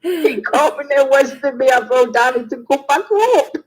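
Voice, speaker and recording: Hosting a casual live stream, a woman with a British accent keeps trailing off and restarting her sentences. Her voice is high-pitched and expressive at a moderate pace, on a rough recording.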